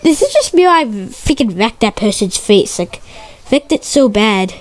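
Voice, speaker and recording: A woman giving excitable, stuttery gameplay commentary, repeating her exclamations and swapping curses for mild words. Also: a little high, unhurried, no room sound. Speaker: gamer.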